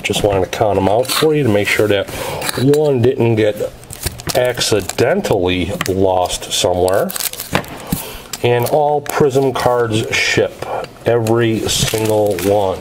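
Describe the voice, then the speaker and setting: A man's voice: mid-range voice, noisy background. A man casually narrating as he opens packs of trading cards, reading out each card's details in a methodical way. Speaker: card break host.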